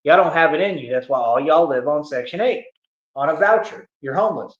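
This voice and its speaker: Man streamer, bragging and taunting, slightly high voice, echoey dull-sounding room. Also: expressive, a little fast. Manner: boastful, taunting, slangy. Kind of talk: boastful livestream rant.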